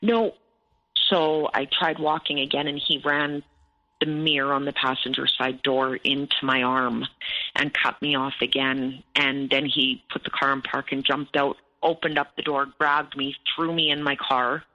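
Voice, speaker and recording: A woman's voice: extremely low pitch, little pitch movement, normal speed, sharp tone, highs cut off. A woman recounting a painful personal story in an interview, tense and detailed, often quoting what was said. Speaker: abuse survivor guest.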